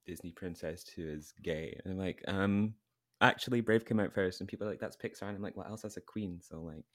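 A young man, co-hosting a podcast in casual chat with wry, deadpan quips. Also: low voice, brisk. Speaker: podcast co-host.

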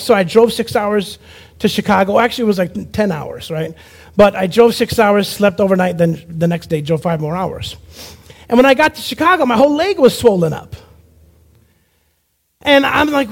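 A man preaching a personal testimony sermon as an evangelist, telling his story with animation, acting out other people's lines, and dropping low and quiet for emphasis. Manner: animated storyteller who acts out quoted voices.

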